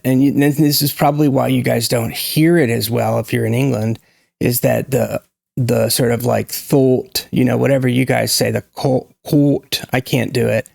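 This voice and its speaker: An opinionated man, speaking to camera in a gravelly, medium-pitched voice. He talks emphatically and demonstrates sounds, close to the mic in a dry, dead room. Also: darkish tone, dry recording. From United States. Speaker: YouTube language commentator. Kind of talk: casual to-camera talk on pronunciation.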